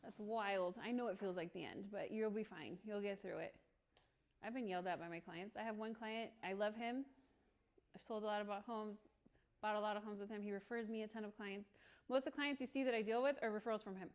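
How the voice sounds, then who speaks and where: A woman leading a real estate training session for a small group, chatty and quick to laugh, often acting out little bits of dialogue. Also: mid-range voice, steady tone, highs cut off. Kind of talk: workshop teaching.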